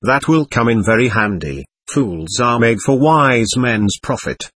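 Resentful, snarling young man, voiced by a male reader; husky, dry storybook read. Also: mid-range voice, animated, a little slow, fairly bright tone, no room sound. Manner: snarling and sulky.

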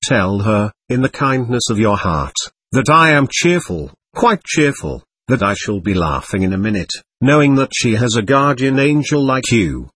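A man reads a desperate young prisoner, impetuous and fervent, his pleas swinging up and down in pitch. The husky voice is recorded dry and close, as in a storybook audiobook. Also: very animated, moderate pace, a bit bright, no echo. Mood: fervent pleading. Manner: fervent, pleading outbursts.

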